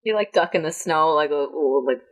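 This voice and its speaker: A woman's voice: deep voice, fairly quick, low-quality recording. A woman playing in a tabletop role-playing game, describing her character's actions with many fillers and laughs. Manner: rambling, giggly, many fillers. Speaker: player.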